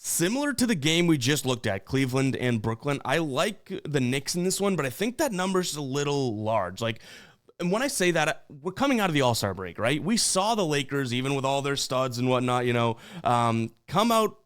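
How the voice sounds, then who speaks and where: A man's voice: mid-range voice, very animated, moderate pace, a bit bright. A young man hosting a sports betting show, casually talking through picks with loose fillers and restarts.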